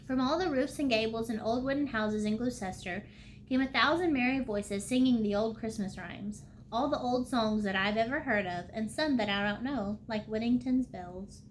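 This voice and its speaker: A woman's voice: a little high, a little hiss or hum. Woman reading a storybook aloud. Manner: unhurried, with small slips and throat-clearing. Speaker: library storytime reader.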